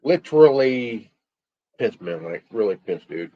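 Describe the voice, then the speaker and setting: A man ranting alone on his stream, angry, stumbling and repeating words, swearing and filling pauses with ums. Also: fairly low pitch, big pitch swings, warm tone. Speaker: stream host. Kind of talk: angry solo rant. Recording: dull lo-fi stream audio.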